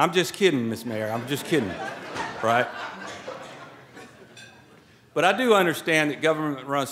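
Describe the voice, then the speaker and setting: A man's voice: mid-range voice, fairly bright tone. A middle-aged man giving a folksy, joking speech at a podium during an indoor ceremony, with preacher-like asides. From Georgia. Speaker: guest speaker at a swearing-in ceremony. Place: indoor event hall at a podium. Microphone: podium microphone.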